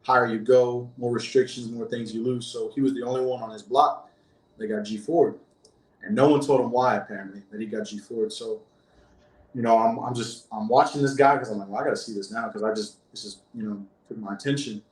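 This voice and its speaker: A man's voice: medium pitch, darkish tone. A man in a middle register recounting events as an interview guest, his telling loose and rambling, full of restarts and fillers. He sounds like he is sitting in a roomy, echoing space. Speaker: former prison guard, interview guest. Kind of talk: casual first-person storytelling.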